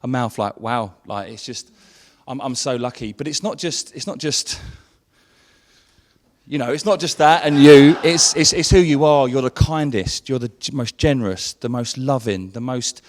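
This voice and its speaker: A man's voice: mid-range voice, big-room sound. A man in his thirties giving a casual, sweary and emotional groom's speech at a wedding reception, with many restarts.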